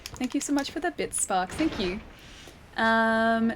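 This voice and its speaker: A woman's voice: medium pitch, expressive, a little fast, slight background noise. A young Australian woman with a city accent, chatting casually and giggling while she streams a game and reads her chat aloud. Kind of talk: casual livestream commentary. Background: game music.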